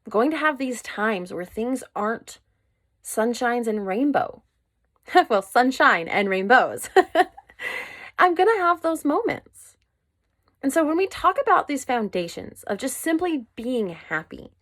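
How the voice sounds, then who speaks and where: Woman doing a solo self-help podcast, kinda high voice, blunt and emphatic, dry close mic. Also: sing-song, takes it slowly, pauses often, fairly bright tone, no echo. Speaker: podcast host.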